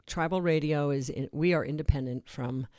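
A man hosting a public radio fund drive in relaxed, conversational talk from a studio. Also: a little high, normal speed, dry recording. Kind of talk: on-air fund drive chat.

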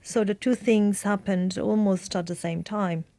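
A woman reading a translated voice-over in a measured way. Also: mid-range voice, steady tone, mellow, no echo.

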